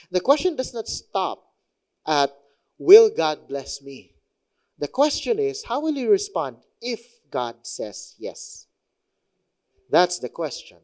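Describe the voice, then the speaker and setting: Young Filipino-accented male pastor, conversational sermon, high and very expressive. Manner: animated, conversational, mixes in local phrases.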